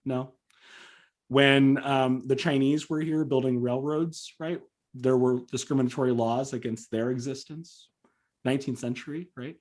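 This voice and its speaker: A man's voice: medium pitch, a little mellow. A man from Southern California talks as a podcast guest. His voice sits in a middle register, and he speaks in an earnest, emphatic way, leaning on fillers as he builds his points. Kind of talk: conversational interview.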